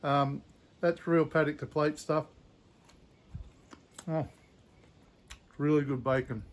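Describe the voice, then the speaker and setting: A man's voice: fairly high pitch, slow pace. A man, a farmer and host, chatting casually through a how-to demonstration. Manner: relaxed, chatty, with fillers.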